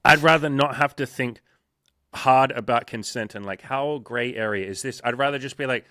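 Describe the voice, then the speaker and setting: In a clean, dry studio recording, a man who works as a dating and life coach chats casually on a podcast, cursing often and performing quoted sales-call exchanges with emphasis. His voice is mid-range, sharp in tone, at a moderate pace.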